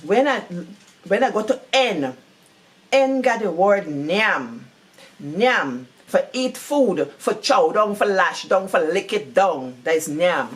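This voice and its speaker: A woman with a Guyanese Creole accent, talking through a book in a casual, animated way and repeating words for emphasis. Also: mid-range voice. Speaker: book reviewer.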